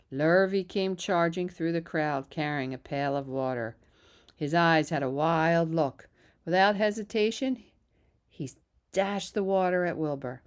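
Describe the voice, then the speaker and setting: A woman reads a children's novel aloud at a steady pace, slipping on a word now and then. Her voice is slightly low. She narrates evenly. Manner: steady, even narration with small slips. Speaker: reader. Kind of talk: storybook read-aloud.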